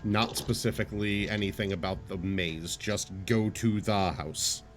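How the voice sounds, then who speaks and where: A man's voice: lowish voice, unhurried, faint music behind. A man narrating as game master, describing the scene in short clipped phrases.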